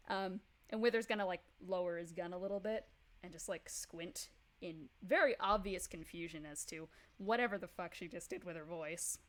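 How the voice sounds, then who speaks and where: A woman narrating a tabletop role-playing session as game master, casual and quick to laugh. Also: fairly low pitch, a bit bright. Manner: casual, laughs often, lots of fillers.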